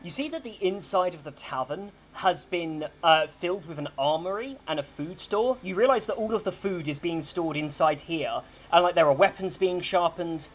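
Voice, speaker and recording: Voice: mid-range voice, normal speed, few pauses. Gm narrating a dnd session, chatty and rambly, lots of ums. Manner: casual, rambling, full of ums and likes. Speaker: game master. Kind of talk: narrating a tabletop game.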